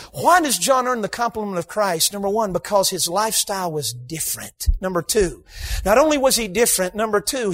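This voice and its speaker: High-voiced preacher, emphatic. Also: male voice. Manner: emphatic, shouts for emphasis, humorous asides. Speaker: guest preacher. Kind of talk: sermon. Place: church sanctuary.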